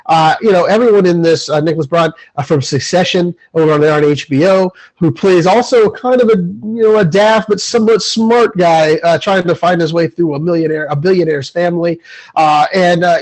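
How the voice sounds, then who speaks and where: Male podcast co-host, slightly high voice, rambling and enthusiastic. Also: darkish tone, low-quality recording. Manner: rambling, filler-heavy, enthusiastic. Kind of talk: casual movie review chat.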